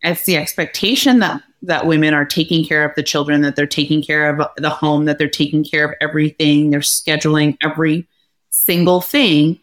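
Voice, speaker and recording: A woman podcast host talks casually in a lowish voice, telling stories with energy and acting out the other voices in them. She keeps the tone relaxed and chatty. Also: moderate pace. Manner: lively storyteller, acts out quoted dialogue. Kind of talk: casual conversation.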